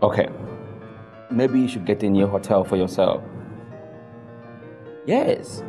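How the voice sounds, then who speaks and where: A placating pal, low voice, very unhurried, soft music. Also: male voice. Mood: soothing. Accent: Nigerian. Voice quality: measured, placating. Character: calm male friend on phone, soothing. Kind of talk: Nollywood film acting. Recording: light background music.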